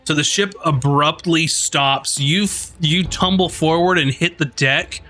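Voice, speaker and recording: Slow, bright-voiced game master man. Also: on the high side, faint music behind. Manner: halting, full of ums and uhs. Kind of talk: narrating a tabletop game.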